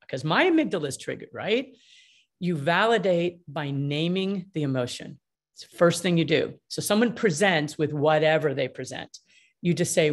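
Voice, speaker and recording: A middle-aged woman, a mediator answering interview questions in an energetic, emphatic way and acting out the dialogue she quotes. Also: lowish voice, normal speed. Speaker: mediator and author.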